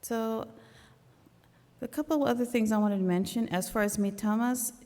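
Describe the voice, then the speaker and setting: A woman's voice: on the high side, normal speed, warm tone. A middle-aged woman giving an informal, earnest sermon talk in a conversational way. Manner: earnest, conversational, with small restarts. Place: church hall. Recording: long hall reverb.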